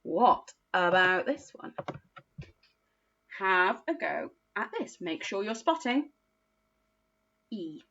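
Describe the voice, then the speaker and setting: A woman teaching a phonics lesson to young children, speaking slowly with exaggerated, encouraging praise. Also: mid-range voice, very animated, fairly bright tone, highs cut off. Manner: slow, encouraging, sing-song teacher talk with exaggerated praise. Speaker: early years teacher.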